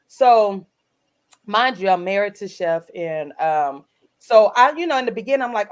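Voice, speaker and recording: A middle-aged woman, an author guest co-hosting a podcast, telling a personal story in an earnest, animated way and acting out other people's lines. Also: mid-range voice, normal speed. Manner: earnest, animated, retells scenes in voices.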